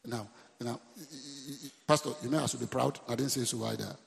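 Crowd noise and a long reverb tail surround a Nigerian man preaching in church as pastor. He speaks fast in a gravelly mid-range voice, repeatedly addressing the congregation and restating his points call-and-response style.

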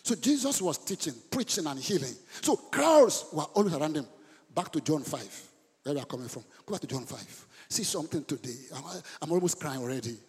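A middle-aged Nigerian man preaches a sermon in a high, husky voice that carries a long reverb through the church hall. He swings from hushed asides to sudden loud bursts. He repeats words for emphasis. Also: sing-song, fairly quick. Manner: dramatic swings between soft asides and loud outbursts; code-switches mid-sentence, repeats words for emphasis. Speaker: pastor.

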